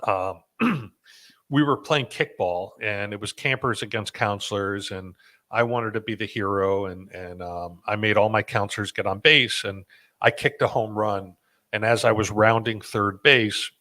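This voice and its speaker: Low-voiced man telling rambling stories. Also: sharp tone. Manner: rambling with fillers and restarts, self-deprecating laughs. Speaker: podcast host. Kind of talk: casual conversational storytelling.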